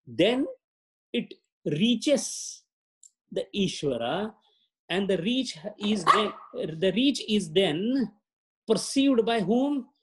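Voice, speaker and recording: A man, teaching yoga philosophy in a high, light voice. He explains slowly and deliberately and sounds out each Sanskrit term with care. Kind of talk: spiritual lecture.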